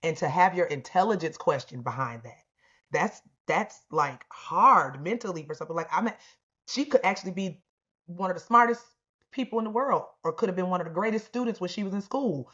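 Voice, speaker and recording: A woman's voice: fairly low pitch, lively intonation, fairly quick, fairly bright tone, breathy edge, dull audio. A woman co-hosting a podcast, making her points in an emphatic, opinionated way. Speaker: podcast co-host. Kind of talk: casual podcast discussion.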